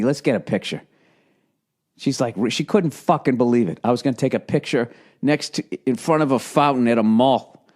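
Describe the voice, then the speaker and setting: Profane ranting middle-aged man. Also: a little high. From United States. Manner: profane, ranting, acts out quoted voices. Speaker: podcast host. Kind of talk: rambling comedic monologue.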